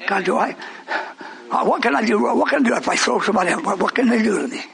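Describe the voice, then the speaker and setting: A man preaching a fiery sermon, scolding and shouting, answering a congregation in call-and-response. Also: high-pitched, animated, fast, vocal fry, rough recording.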